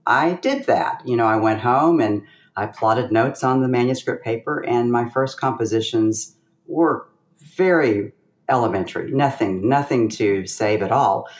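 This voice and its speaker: Woman, middle-aged, pianist guest, animated storyteller, casual talk. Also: very deep voice, unhurried, reverberant. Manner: animated storyteller with bursts of laughter.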